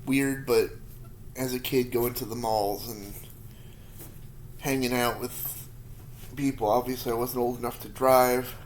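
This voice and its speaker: A man's voice: medium pitch, fairly even intonation, a little slow, a little hiss or hum. A man in his thirties, answering viewer questions in a rambling, self-deprecating way while eating hot peppers, sometimes with his mouth full. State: mouth full, feeling spicy heat.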